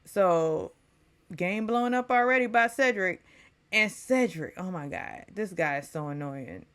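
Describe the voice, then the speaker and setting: A woman's voice: on the low side, lively intonation, unhurried, fairly bright tone. A woman from Texas giving an opinionated, casual recap of a reality show as a vlogger. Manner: opinionated, chatty, mocks people in quoted voices.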